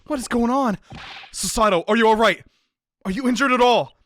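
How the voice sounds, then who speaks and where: A man's voice: high voice, fairly quick, voice pushed up. A man voicing an earnest young male student in a game, sounding concerned. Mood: worried.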